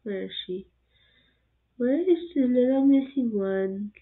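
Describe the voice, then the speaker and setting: A woman hosting a reaction video, cooing softly over cute animals and chatting casually, sometimes dropping to a whisper. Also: fairly high pitch, slow. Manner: soft-spoken, drops to whispers at times. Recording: tinny phone-like sound.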